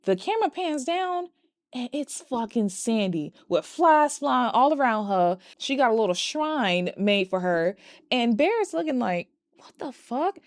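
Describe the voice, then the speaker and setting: A woman's voice: mid-range voice, darkish tone, no echo, clean studio sound. A woman casually recapping and reviewing a movie, blunt and profane, acting out the characters' lines as she goes.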